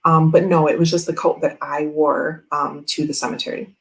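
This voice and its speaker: A woman's voice: low-pitched, little pitch movement, moderate pace, rough recording. A young woman hosting a tarot livestream, telling a long personal story in a rambling, chatty way full of fillers. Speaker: tarot channel host.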